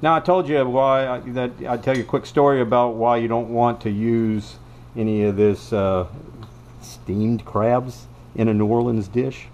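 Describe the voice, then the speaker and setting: A man's voice: mid-range voice, steady tone, measured pace, a little mellow. Folksy, rambling man cooking. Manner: folksy, rambling, self-correcting. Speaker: home cook. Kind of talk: cooking demonstration with storytelling. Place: home kitchen.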